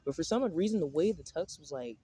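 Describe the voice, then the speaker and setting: A man's voice: fairly high pitch, lively intonation, fast, warm tone, a little hiss or hum. A young man rambling casually outdoors in a park, full of slang, swearing and filler words. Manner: rambling, profane slang-heavy talk with many fillers. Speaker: vlogger.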